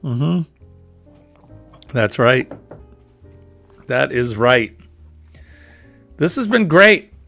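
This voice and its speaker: Gravelly Boston-accented man hosting. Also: medium pitch, very animated, very slow, pauses often, pushed and bright, faint music behind. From New England. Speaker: livestream host. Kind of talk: casual chat.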